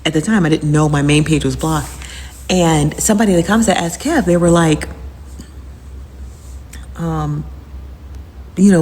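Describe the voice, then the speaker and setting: A woman's voice: deep voice, moderate pace, long pauses, a little mellow, long reverb tail. A woman hosting a casual recap chat, rambling and repeating herself with lots of fillers. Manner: rambling and repetitive, with frequent fillers. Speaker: host recapping live-stream drama.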